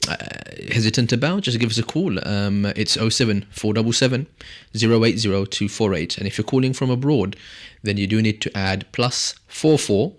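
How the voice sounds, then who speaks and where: A man with a slightly low voice hosts a casual radio talk show from the studio. He rambles along in a jokey way and laughs often. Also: moderate pace.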